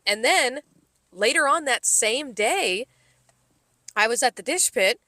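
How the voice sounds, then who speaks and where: A woman's voice: fairly high pitch, takes it slowly, dry recording. A woman co-hosting a podcast, telling a work story in casual chat and swearing freely. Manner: animated storytelling with frequent swearing. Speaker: podcast co-host.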